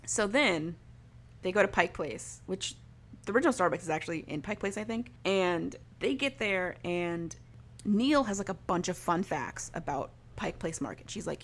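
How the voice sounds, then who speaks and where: A woman's voice: lowish voice, animated, normal speed. Chatty young woman retelling a story. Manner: chatty storyteller, filler-heavy, acts out quoted lines. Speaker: podcast co-host recapping a story. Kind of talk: casual chat.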